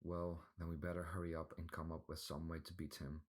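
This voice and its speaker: A man's voice: extremely low pitch, flat delivery, a little fast. A man voicing a worried thirteen-year-old boy asking anxious questions, in a storybook reading.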